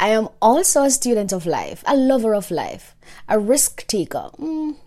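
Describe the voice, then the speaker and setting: A woman's voice: mid-range voice, big pitch swings, unhurried, darkish tone. A young woman from Jamaica hosting her own podcast, reading an upbeat, emphatic monologue. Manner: upbeat, emphatic, list-like delivery. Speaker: podcast host.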